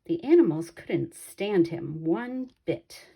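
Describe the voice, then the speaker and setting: Female storybook reader, slow pace, warm and dark tone. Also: on the low side, creaky, a little hiss or hum. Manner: slow and expressive. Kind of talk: children's picture book read-aloud.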